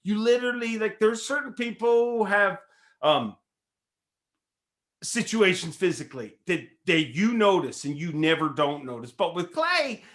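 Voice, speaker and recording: A man co-hosting a podcast, telling a story in animated casual chat, stumbling over words as he goes. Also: high voice, a little slow. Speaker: podcast co-host.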